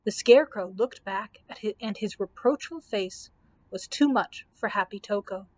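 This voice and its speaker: A woman librarian reading a children's book aloud in a clear, steady way, with small slips now and then. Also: mid-range voice, moderate pace.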